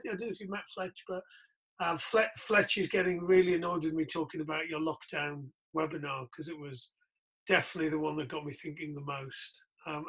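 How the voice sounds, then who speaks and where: A male podcast host speaks over a remote call from a spare bedroom at home. His voice sits a little high and sounds bright but husky. He talks in a chatty way and keeps tripping over and restarting his sentences. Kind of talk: casual podcast interview.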